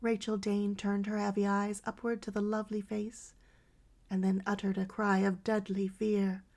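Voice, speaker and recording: A woman narrates an old novel in a measured, dramatic audiobook voice. Her tone has a gravelly, creaky texture and sits mid-range. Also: mid-range voice, little pitch movement, darkish tone. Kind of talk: scripted narration of a 19th-century novel.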